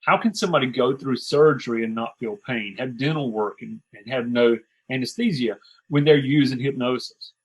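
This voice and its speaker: A middle-aged man, a sales coach, telling stories in an animated, chatty way with quick asides and restarts. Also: medium pitch, breathy edge, rough recording. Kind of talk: conversational storytelling.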